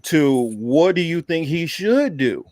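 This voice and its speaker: A man's voice: a little high, very animated, slow, darkish tone, no room sound, studio quality. A man co-hosting a political podcast, talking casually and loosely, often restarting his sentences. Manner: loose, conversational, trails off and restarts. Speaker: podcast co-host.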